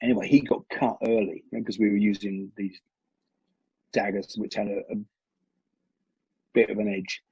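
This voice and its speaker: A man, a martial arts coach, telling animated stories in a conversational interview, often restarting his sentences. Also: on the low side, moderate pace, long pauses, breathy edge, no echo. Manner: animated storyteller with frequent restarts. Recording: dull lo-fi recording.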